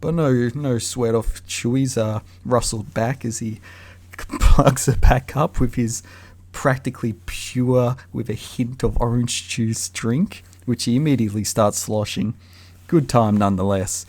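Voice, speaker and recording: A young man telling a casual story in an animated, slangy way. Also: medium pitch, unhurried. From Australia. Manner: animated, slangy, acts out voices.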